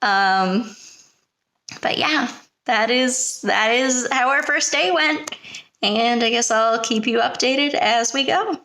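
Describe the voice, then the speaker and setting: A young woman teacher talks to camera from her apartment in a casual vlog chat. Her voice sits a little high, and she rambles along with many fillers and restarts. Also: slow, sharp tone. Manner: chatty, hesitant, full of fillers. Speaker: preschool teacher.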